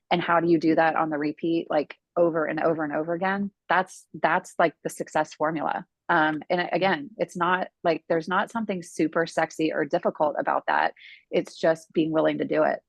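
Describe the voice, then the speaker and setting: Woman co-host, energetic and motivating, lower voice, dry close mic. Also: a little fast, no room sound. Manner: energetic, motivating, filler-heavy. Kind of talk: casual advice chat.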